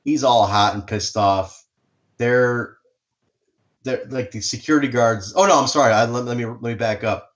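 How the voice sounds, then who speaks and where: Animated man telling a story on a podcast. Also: medium pitch, moderate pace, highs cut off. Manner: animated, swearing, lots of restarts. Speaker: podcast co-host. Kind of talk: casual storytelling.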